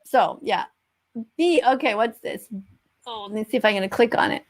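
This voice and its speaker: A woman hosts a livestream chat in a high voice. She talks emphatically and moralizes, often repeating her words. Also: lively intonation, moderate pace. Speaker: host.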